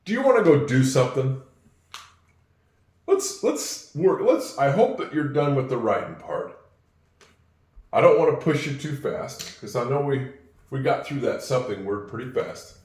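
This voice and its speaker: A man teaching spoken English in a patient way, repeating phrases slowly so learners can follow. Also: mid-range voice, very animated, a little mellow, reverberant.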